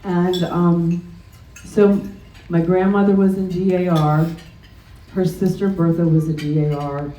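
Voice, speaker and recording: A woman's voice: on the low side, fairly even intonation, measured pace, warm tone. A middle-aged woman giving a personal presentation at a chapter meeting, hesitant, with frequent ums and restarts. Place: meeting room during a luncheon. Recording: roomy sound from a distant mic.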